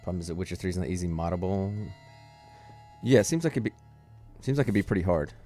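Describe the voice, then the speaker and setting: Deep-voiced man joking through a game. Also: expressive, fast, warm tone. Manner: joking, rambling, swears. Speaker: streamer playing a game mod. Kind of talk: casual gaming commentary. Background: faint game music.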